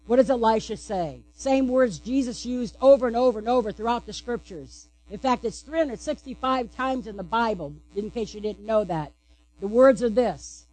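A woman's voice: on the high side, expressive, normal speed, dark tone. A woman pastor giving a sermon, asking the congregation questions and answering them playfully.

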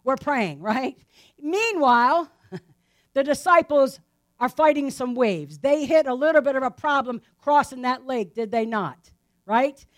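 A woman's voice: high-pitched, expressive, a little slow. A woman teaching a Bible passage in a casual, conversational sermon, often asking her listeners rhetorical questions and adding "right?" to her lines. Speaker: preacher.

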